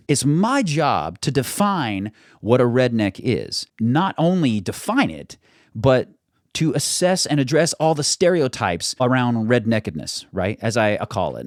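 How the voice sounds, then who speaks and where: A man's voice: mid-range voice, no echo. A young American man with only a faint regional accent, hosting his channel in a chatty, self-deprecating way from his studio. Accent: mild general American, little regional trace. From United States. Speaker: YouTube channel host. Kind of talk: casual vlog monologue. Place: home studio.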